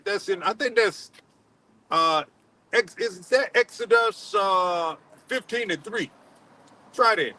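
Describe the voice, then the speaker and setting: In a street-style sermon, a man preaches haltingly, repeating words and using many fillers, and calls on another man to read scripture aloud. His voice sits high, bright and forceful. The recording quality is low.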